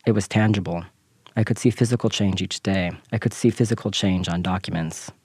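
A man narrating a scripted personal essay in a measured, reflective way. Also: deep voice, steady tone, darkish tone, husky, dry recording.

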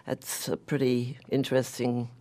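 A man's voice: medium pitch, completely flat delivery, measured pace, warm tone. A man with a mid-range voice hosts a casual interview. He asks his questions in a friendly, chatty way. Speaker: interviewer, host.

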